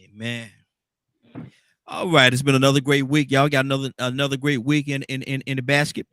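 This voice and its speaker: A man's voice: mid-range voice, flat delivery, a little fast, fairly bright tone, smooth, no echo, clean studio sound. A man hosting a radio talk show, laid-back and teasing, often repeating himself. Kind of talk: casual radio panel chat.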